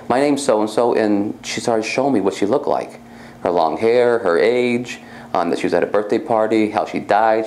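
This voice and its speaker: A man's voice: low voice, vocal fry, a little mellow, slight background noise. A man working as a psychic medium, casually telling a personal story in a rambling way, often repeating himself. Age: young adult.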